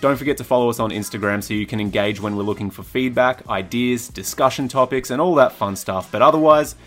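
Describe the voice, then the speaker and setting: A man's voice: brisk, fairly bright tone. A man who owns a coaching business, reading a direct, earnest podcast intro. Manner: earnest, direct pitch to listeners. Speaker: podcast owner and head coach. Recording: faint music underneath.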